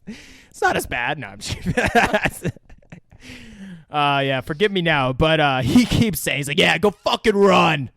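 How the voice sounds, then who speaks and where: A man co-hosting a podcast, recapping a film in casual, excitable talk with heavy swearing. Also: fairly high pitch, slow, pauses often, no room sound, studio quality. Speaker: podcast co-host.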